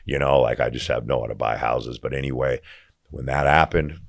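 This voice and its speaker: Very deep gravelly-voiced man, blunt and profane. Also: steady tone, fairly quick, no echo, studio quality. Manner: blunt, profane storytelling with quoted dialogue. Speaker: podcast guest. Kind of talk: storytelling in casual conversation.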